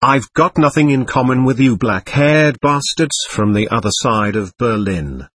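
A proud, scornful young soldier, boastful about where he comes from, read by a male audiobook narrator. The voice is husky, and the pitch swings widely. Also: animated, measured pace, fairly bright tone.

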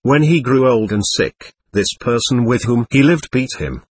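A man reading a spiritual vision story aloud as narrator, in a solemn, measured way. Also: medium pitch, animated, breathy edge. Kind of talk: scripted narration of a visionary text.

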